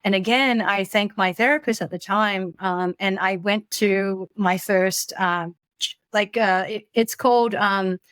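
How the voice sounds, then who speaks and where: A woman in her forties, a podcast guest speaking candidly in casual conversation, halting often with fillers and restarts. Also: medium pitch, steady tone, fairly bright tone, clean tone, dry recording. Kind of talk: casual conversation, personal storytelling.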